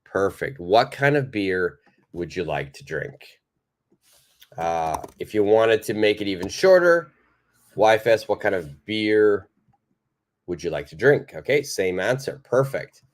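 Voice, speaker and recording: A man's voice: fairly low pitch, animated, a little slow. A man teaching a live online English lesson, patiently repeating and praising viewers' answers.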